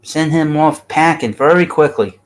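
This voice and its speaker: A man's voice: a little high, unhurried, rough recording. Blunt New York man hosting a stream. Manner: blunt, rambling, talks to chat. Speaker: baseball livestream host. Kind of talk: casual livestream chat.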